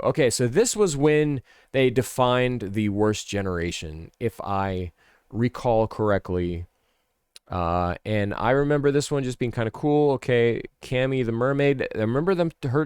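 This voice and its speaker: A man's voice: medium pitch, clean tone, no echo, studio quality. A man chatting casually as a streamer, rambling and thinking aloud, often correcting himself mid-sentence. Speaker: streamer ranking a series. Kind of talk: casual chat.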